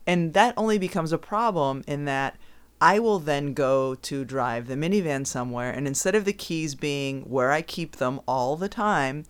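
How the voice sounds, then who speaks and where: A woman's voice: low voice, normal speed, clear, resonant tone. Teasing woman podcast co-host. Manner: teasing, laughs often while talking. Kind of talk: casual chat.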